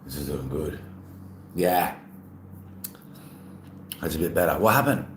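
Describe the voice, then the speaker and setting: A low-pitched man chats casually with his stream audience, playful and easygoing. His voice rings with a roomy echo. A faint hum of ambient noise sits underneath. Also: animated, unhurried. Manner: chatty, reads chat aloud, playful. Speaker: livestreamer. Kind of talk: casual live-stream chat.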